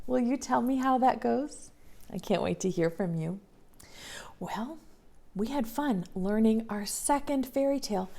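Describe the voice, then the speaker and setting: A young woman, a preschool teacher, reading a story and talking gently to young children in a sing-song way. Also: a little high, vocal fry.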